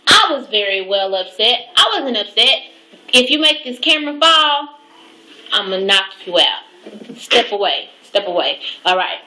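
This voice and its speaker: A woman's voice: on the high side, bright, forceful tone. A young woman ranting profanely and with exasperation in a casual home vlog, speaking to her camera. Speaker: vlogger. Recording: echoey room.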